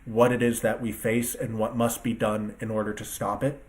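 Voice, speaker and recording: A man's voice: lowish voice, level tone, normal speed. A man ranting to his viewers in a casual solo talk as an online commentator, emphatic, profane and rambling, speaking from his computer desk. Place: at a computer with two screens.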